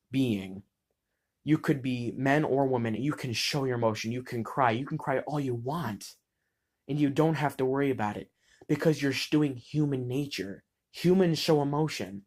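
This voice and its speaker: A man's voice: medium pitch, normal speed, a little mellow. Heated, foul-mouthed teenage boy. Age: teens. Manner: blunt, heated, swears freely, restarts mid-word. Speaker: student vlogger. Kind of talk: impassioned personal monologue.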